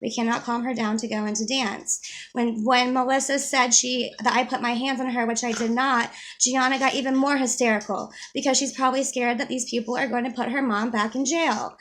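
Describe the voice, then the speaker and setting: A woman with a fairly high voice tells a personal story straight to the camera in casual vlog style. She rambles, piles up fillers and restarts her sentences, and stays upset throughout. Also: steady tone, fairly quick, a bit bright. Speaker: mother telling her story.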